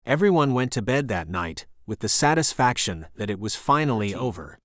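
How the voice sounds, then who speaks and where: A man reading a thriller audiobook as narrator, in a steady storytelling voice. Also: mid-range voice, normal speed, no echo, clean studio sound. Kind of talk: scripted narration.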